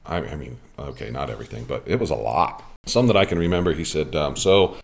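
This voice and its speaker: A man's voice: extremely low pitch, animated, quick pace, vocal fry. A man hosting a podcast, chatting casually and telling a rambling umpiring story with lots of ums and uhs. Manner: rambling storytelling with many fillers. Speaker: podcast host and softball umpire.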